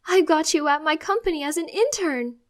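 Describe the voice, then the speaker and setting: A woman voicing a cheerful, doting mother who is gentle and coaxing, then eager and excited. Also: fairly high pitch, moderate pace, pitched above the performer's own voice, close to an everyday voice.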